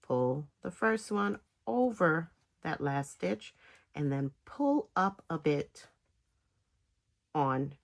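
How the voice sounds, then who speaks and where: A woman giving a casual step-by-step knitting tutorial, talking in halting phrases with pauses between them. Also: deep voice, very animated, gravelly. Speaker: knitting instructor.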